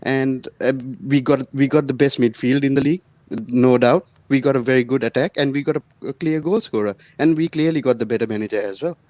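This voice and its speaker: A man calls in to a football fan show and talks boastfully and with confidence. He speaks at a middle pitch, and the recording sounds dry and close. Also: a little fast, a little mellow, dry recording. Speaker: caller. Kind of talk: call-in fan chat.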